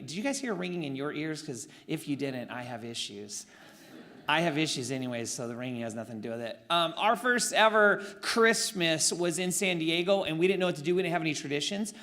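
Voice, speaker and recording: A young male pastor from Oakland preaching through a comic personal story, animated and self-mocking. His voice sits high and bright, with a lively, wry delivery full of sarcastic asides. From East Bay of San Francisco, Oakland. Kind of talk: storytelling sermon.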